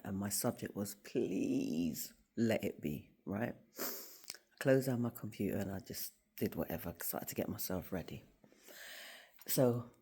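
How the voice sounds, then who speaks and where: She has a bass voice with a breathy edge. A school staff member who also runs a faith vlog, she sits in her office and tells a story in a casual motivational talk to camera, animated throughout and acting out the quoted voices.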